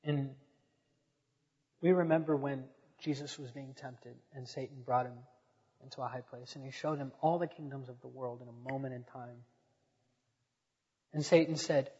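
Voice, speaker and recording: Guy preaching a sermon, kinda husky, swells loud then goes quiet, dull echoey church sound. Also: mid-range voice, fairly even intonation, moderate pace, long pauses. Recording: dull echoey sanctuary recording.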